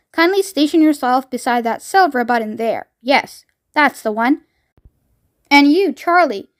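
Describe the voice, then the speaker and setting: A woman voicing an eccentric male chocolate-maker who gives brisk, fussy commands in a storybook reading. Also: high-pitched, lightly acted. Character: eccentric man chocolate-maker, bossy pilot.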